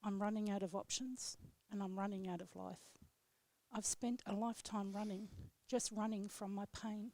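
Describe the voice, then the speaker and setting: A woman on live radio reading her own poem aloud in a steady, measured way, then chatting with the host. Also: mid-range voice, no echo. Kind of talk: poetry reading, then casual chat. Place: radio studio.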